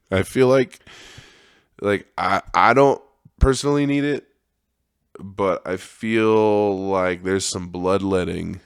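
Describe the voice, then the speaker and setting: A man's voice: deep voice, creaky, smooth, no room sound, clean studio sound. A man hosting a podcast, talking in a rambling, profane monologue and laughing often. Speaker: podcast host.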